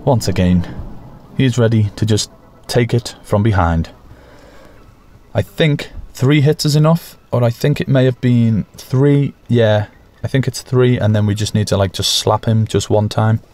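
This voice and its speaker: A man's voice: fairly low pitch, unhurried. Jokey man narrating gameplay. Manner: jokey and self-mocking, excited bursts. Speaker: gaming channel host. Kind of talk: casual gameplay commentary.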